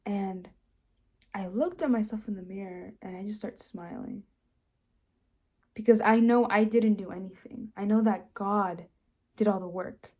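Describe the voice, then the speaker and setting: Mellow-voiced young woman sharing her faith story. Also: mid-range voice, fairly even intonation, measured pace, pauses often. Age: young adult. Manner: earnest, filler-heavy with frequent restarts. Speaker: host sharing her testimony. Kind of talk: personal testimony, casual storytelling.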